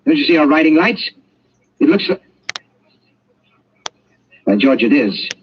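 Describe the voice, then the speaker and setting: A dry young British official. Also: male voice, on the high side, sing-song, a little slow. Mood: alarmed. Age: young adult. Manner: dryly ironic, probing. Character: young British colonial official, cool and probing. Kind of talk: 1940s radio drama acting. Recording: dull lo-fi old radio recording, faint hiss.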